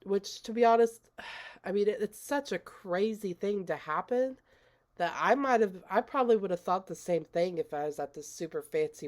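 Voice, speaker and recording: A woman casually recapping a film scene by scene, chatty and full of "like" as she retells what characters say. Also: on the low side. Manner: chatty, retells scenes with lots of "like" and quoted dialogue. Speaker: movie reviewer. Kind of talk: casual spoken movie recap.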